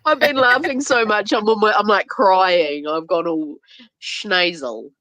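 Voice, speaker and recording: A woman's voice: mid-range voice, unhurried, pushed and bright, dry recording. A woman chatting casually on a livestream, bawdy and giggly, laughing often. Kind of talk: casual chat.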